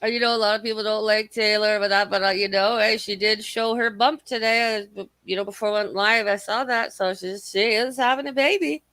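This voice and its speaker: A livestream host talks briskly with hardly any pauses, her mid-range voice steady and a bit bright, her throat a little scratchy. With no room sound, she reads chat and rambles profanely, mocking her rivals.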